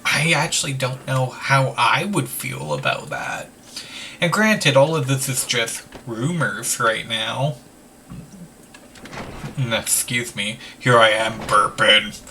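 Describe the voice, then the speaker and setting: A man talks slowly and loosely over a game, filling gaps with "like" and dropping casual swears. His voice is bright and a bit far from the mic, with a faint hiss underneath. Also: medium pitch, lively intonation. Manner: rambling, full of "like", swears casually. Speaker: let's play host. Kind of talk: casual gameplay commentary.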